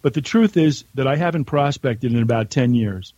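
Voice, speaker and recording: Here the American guest sounds animated, his medium-pitched, dark voice moving at a moderate pace as he reads his own letter aloud and chats bluntly on a remote call. There's no echo, and the highs are cut off.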